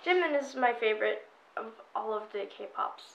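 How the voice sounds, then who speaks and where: A woman co-hosting a reaction video, chatting playfully and excitably as a fan. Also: fairly high pitch, moderate pace, vocal fry, highs cut off. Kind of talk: casual chat. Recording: echoey room.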